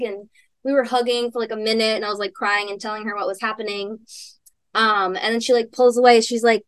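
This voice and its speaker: A woman's voice: a little high, steady tone, brisk, fairly bright tone, no echo. A young woman podcast host telling a personal story in casual chat, rambling with lots of fillers and little laughs.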